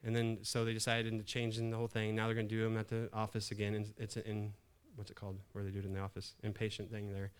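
With a fairly low, clear and resonant voice, a middle-aged pastor talks fast with few pauses. He's telling a humorous story from the pulpit, laughing often and staying animated throughout the sermon.

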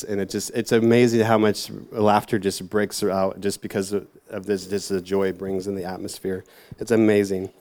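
A man's voice: lowish voice, a little mellow. A man giving a casual, rambling sermon to a youth group, full of fillers and self-mocking asides. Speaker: youth church speaker.

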